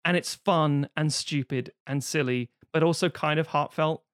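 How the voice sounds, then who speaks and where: A man talking films in a loose, swearing chat with a fairly high voice. He bursts into squeaky mock voices when quoting characters. The recording is dry and close, with no room sound. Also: normal speed, smooth, no echo. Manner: swearing, animated, acts out quotes in sudden high voices. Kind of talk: casual film review chat.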